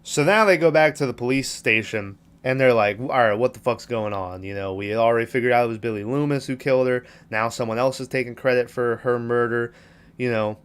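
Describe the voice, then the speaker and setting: A man's voice: mid-range voice, brisk, clear, resonant tone. A man casually recapping a film on a podcast, rambling and swearing as he acts out characters' lines. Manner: profane, rambling retelling with quoted lines. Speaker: podcast host.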